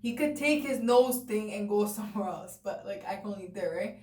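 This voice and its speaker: A young vlogger tells a personal story to camera, chatting away with plenty of "like" and "you know" and acting out what people said. Her voice is medium-pitched, a little mellow and fairly quick with lively intonation, picked up by a distant mic in an echoey room with faint noise.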